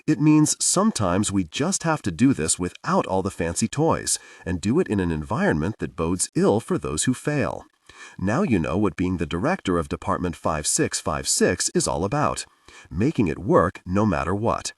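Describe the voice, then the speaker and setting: A man voices a commanding older woman with a dry, teasing wit. Her voice sits low and husky, with plenty of lift and fall. The sound is dry and set back from the mic. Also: big pitch swings, normal speed, no room sound, far from the mic. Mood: wry.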